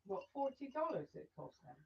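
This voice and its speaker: A woman speaks up now and then from off mic, keeping her remarks short and quiet. Her voice is very breathy. The sound is distant and dull. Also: mid-range voice, sing-song, a little fast. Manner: quiet, brief interjections. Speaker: host's partner. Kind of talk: casual chat from off mic.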